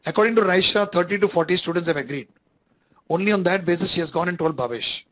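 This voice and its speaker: High-voiced Indian English lecturer. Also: male voice, fast, a bit bright, rough recording. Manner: conversational, repeats phrases, asks students if they follow. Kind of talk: online lecture.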